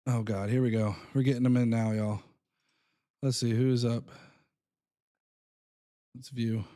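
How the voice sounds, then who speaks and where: A man's voice: medium pitch, little pitch movement, a little slow, warm tone. A man hosting a live call-in stream, talking casually in a loose, rambling way and laughing often. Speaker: host.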